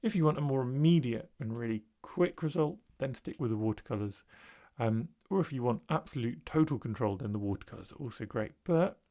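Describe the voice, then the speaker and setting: Relaxed man narrating a painting demo. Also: medium pitch, fairly quick. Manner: relaxed, thinking aloud with fillers. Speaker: art tutor.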